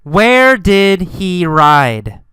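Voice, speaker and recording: Male teacher, very slow and deliberate, bright crisp tone, dry close mic. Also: sits high, big pitch swings, no room sound. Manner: slow, emphatic, repeats key words. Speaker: English teacher. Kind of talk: slow English lesson narration.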